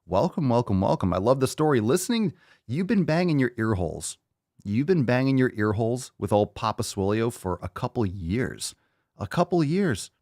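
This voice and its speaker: A man's voice: medium pitch, animated, moderate pace, darkish tone, no echo, clean studio sound. A man hosting a casual livestream podcast, brash and profane, hyping people up and repeating phrases for emphasis. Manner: brash, profane, hyped-up gym talk. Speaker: podcast host.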